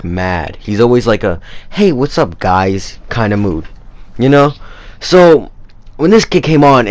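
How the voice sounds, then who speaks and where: A young man telling a personal story in a casual, rambling way, with lots of fillers. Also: medium pitch. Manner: rambling, animated retelling with many fillers. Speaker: vlogger.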